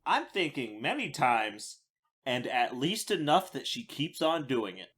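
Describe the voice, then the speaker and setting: A man's voice: medium pitch, unhurried, slightly rough. A man co-hosting a podcast, chatting casually in a wry, teasing way. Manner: wry, teasing, lively delivery. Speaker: podcast co-host. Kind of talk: casual comedic chat.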